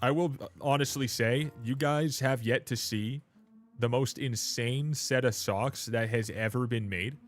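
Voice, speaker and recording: Male streamer, late twenties, loose joking chatter, mid-pitched voice. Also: unhurried, soft background music. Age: 20s. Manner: joking, rambling, self-mocking. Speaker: livestream host. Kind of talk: casual livestream chat.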